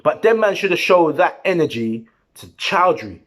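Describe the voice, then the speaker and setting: A football fan vlogger on the high side of the male range talks to the camera at a moderate pace after the match. He is animated and heated, full of slang and repetition.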